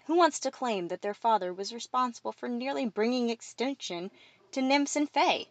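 A woman's voice: fairly high pitch, expressive, moderate pace, dry recording, muffled recording, pitched above the performer's own voice. A woman voicing a weary, unenthused senior girl student in an audiobook. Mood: bored.

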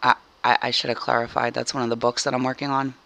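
Bright-voiced playful woman co-host. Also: rumbling low, flat delivery, fast, gravelly. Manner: playful, teasing, rambling with fillers. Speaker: podcast co-host. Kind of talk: casual chat.

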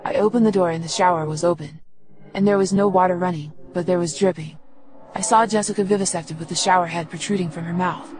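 Woman narrating an audiobook, low-voiced. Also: steady tone, quick pace, a little mellow, low-quality recording. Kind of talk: first-person audiobook narration.

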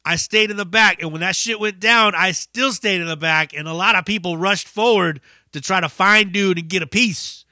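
A man hosting a podcast, telling a story in a casual, profane, animated way. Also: high voice, normal speed, hardly any pauses, dry recording, studio quality. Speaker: podcast host.

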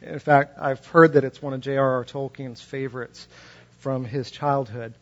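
A man's voice: medium pitch, fairly even intonation, moderate pace, lo-fi sound. A male pastor preaching a sermon, telling stories with passion and emphatic repetition.

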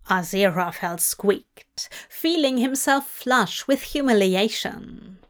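A woman giving a steady, measured narration of a fan-fiction story. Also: medium pitch. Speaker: audiobook reader.

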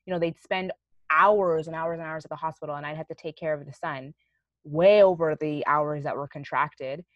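A young woman with a fairly low voice tells a story in a casual chat, animated and given to casual swearing. The recording is dull and dry, with no room sound. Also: moderate pace, no room sound. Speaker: guest telling a story.

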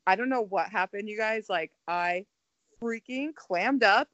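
A woman's voice: mid-range voice, a little slow, fairly bright tone, no echo, highs cut off. A young woman chatting casually as a podcast host, telling a story with lots of fillers and self-deprecating humor. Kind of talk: casual chat.

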